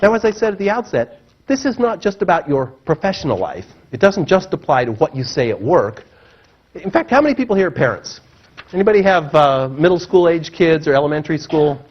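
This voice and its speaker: A man giving a seminar talk to a live audience, animated and acting out the voices he quotes. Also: a little fast. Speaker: motivational speaker. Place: seminar room. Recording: muffled low-fidelity recording.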